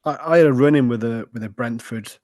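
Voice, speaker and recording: A man co-hosting a casual football podcast, chatting in an animated and cheeky way with the odd swear. His voice sits at a middling pitch and is recorded dry, with no room sound. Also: fast, dry recording. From Wrexham, Wales. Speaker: podcast co-host.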